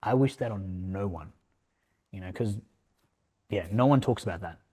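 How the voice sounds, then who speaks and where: A man speaking as a podcast guest in casual, emotional conversation, reflective and halting, dropping "man" and "like" between thoughts. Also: on the low side, dark tone, slightly rough. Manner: reflective, halting, heavy use of fillers like "man" and "like".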